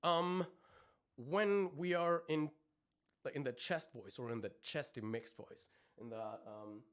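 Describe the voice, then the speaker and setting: With a fairly high, expressive voice and an unhurried delivery, this vocal coach walks through singing technique on a live stream. He often ums and starts over, and he stops to show off screams.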